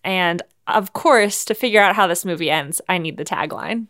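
Co-hosting a podcast, a woman giggles her way through a made-up movie plot, dropping many ums in a playful, casual style. Her voice is fairly low and a bit bright, at a normal speed.

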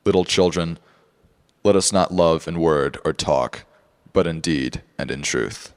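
A man reading scripture aloud in a slow, formal cadence. His voice is extremely low and booming. The delivery is steady and reverent, suited to a church service. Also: smooth. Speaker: scripture reader.

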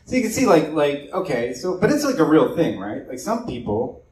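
Casual pastor in an echoey room. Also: male voice, a little high, big pitch swings, moderate pace, darkish tone. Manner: loose and chatty, many fillers and asides. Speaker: pastor leading a church meeting. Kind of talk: casual evening talk to a congregation. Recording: echoey room, distant mic, faint noise.

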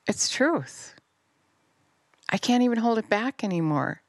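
A middle-aged woman giving an impassioned sermon, fervent and scolding, swinging from near-shouts down to low intense tones. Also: animated, unhurried, no echo, clean studio sound. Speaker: preacher.

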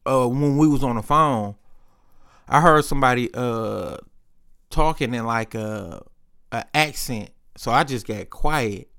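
A man's voice: mid-range voice, measured pace, vocal fry, a bit bright, smooth. A young man hosting a podcast, telling candid, rambling stories in casual chat, full of profanity. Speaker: podcast host. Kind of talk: casual storytelling.

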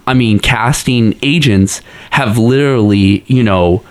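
A man's voice: medium pitch, unhurried. A man in a casual podcast chat, rambling with many fillers and restarts. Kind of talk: casual pop-culture chat.

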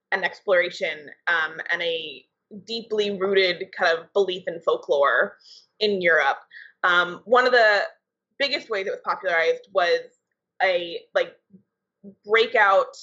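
A woman's voice: mid-range voice, bright, forceful tone, husky. A young adult woman co-hosting a podcast, explaining things in a loose, conversational way. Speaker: podcast co-host, writer and editor. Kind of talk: casual podcast chat. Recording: dull lo-fi podcast audio.

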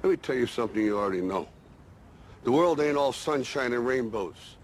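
An actor playing an aging male boxer giving a gruff, slangy pep talk in a film monologue. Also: medium pitch, expressive, fairly quick, slight background noise, natural voice. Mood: stern. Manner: gritty, slangy, building to forceful.

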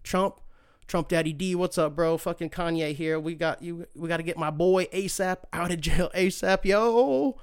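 A man putting on a loud, slangy, excited rapper greeting a buddy. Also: a little high, moderate pace, clean tone, no echo, clean studio sound, close to an everyday voice. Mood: hyped.

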